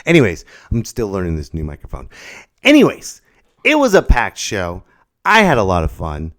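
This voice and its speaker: Low-voiced playful comedian hosting a podcast. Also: male voice, huge pitch swings, a little fast, a bit bright. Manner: playful, rambling, self-mocking. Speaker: stand-up comedian and podcast host. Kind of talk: casual solo podcast monologue. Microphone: new podcast microphone with popping p sounds.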